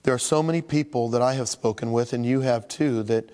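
Speaking a little fast at medium pitch, a male pastor delivers a sermon in a large hall. He is animated, mimicking the voices of complainers grumbling about their troubles.

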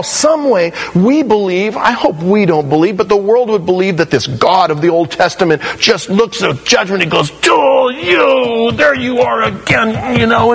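A man's voice: high-pitched, husky, rough recording. A male pastor preaching an expository sermon in a conversational, emphatic way, often saying "you know". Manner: conversational and emphatic, with frequent 'you know'.

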